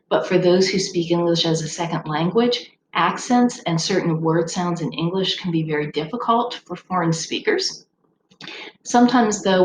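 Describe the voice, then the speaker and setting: A woman speech instructor giving a recorded lecture in a conversational, explanatory way, with occasional ums. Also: on the low side. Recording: roomy echo with faint background noise.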